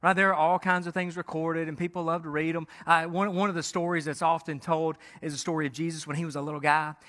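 A man's voice: on the high side, flat delivery, quick pace, bright, forceful tone, in a large hall. A pastor preaching a conversational sermon, often restarting his words and checking in with "right?".

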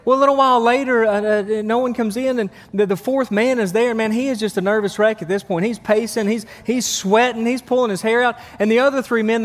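High-voiced pastor in a reverberant church. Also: male voice. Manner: conversational, many restarts, calls for amens. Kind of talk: sermon with humor and prayer. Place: church sanctuary. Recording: long church hall reverb.

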